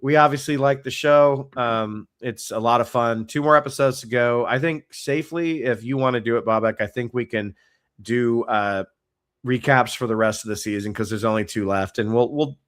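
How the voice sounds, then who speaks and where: A man co-hosting a casual show recap, relaxed and chatty, swearing now and then. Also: mid-range voice, moderate pace, no room sound, clean studio sound. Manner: laid-back, swears, laughs often. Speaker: podcast co-host. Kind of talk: casual chat.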